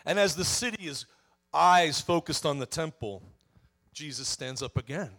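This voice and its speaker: A man's voice: a little high, animated, normal speed, a bit bright. A man preaching a sermon, telling a scripture story and swelling then dropping his voice for emphasis. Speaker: pastor.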